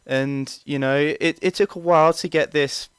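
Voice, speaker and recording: A young man tells a story in a loose, chatty way, full of fillers and the odd swear word. His voice is smooth and very clear. The recording is dry, with no room sound. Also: on the high side, fairly even intonation, moderate pace, dry recording. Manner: rambling, chatty, swears freely, many fillers. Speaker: vlogger. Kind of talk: casual storytelling.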